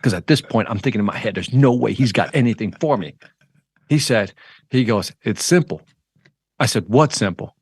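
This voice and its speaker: A middle-aged sales trainer tells a story in an interview, voicing each character with lively jumps in tone. His voice sits at an ordinary pitch. The sound is dry and close, with no room echo. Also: slightly rough. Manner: animated, acts out the dialogue in his anecdotes. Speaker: sales trainer and motivational speaker.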